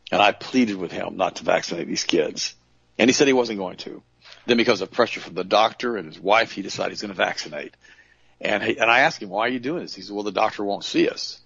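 A man with a low, gravelly, husky voice tells stories in a casual, earnest monologue and often stumbles over restarts. The recording is dry and sounds dull and lo-fi. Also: fairly bright tone, no echo. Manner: earnest storytelling, repeating himself, restarts.

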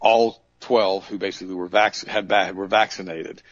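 A man's voice: deep voice, fairly even intonation, moderate pace, dry recording. A man giving an earnest, casual monologue, telling anecdotes and often restarting his sentences. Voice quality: gravelly, husky. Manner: earnest storytelling, repeating himself, restarts. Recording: dull lo-fi recording, dry.

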